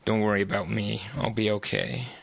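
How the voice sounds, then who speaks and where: A man voicing a fragile, apologetic young man in a live book reading, soft and trembling. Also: fairly low pitch, fairly even intonation, normal speed, vocal fry, breathy edge, no echo. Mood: meek. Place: bookstore.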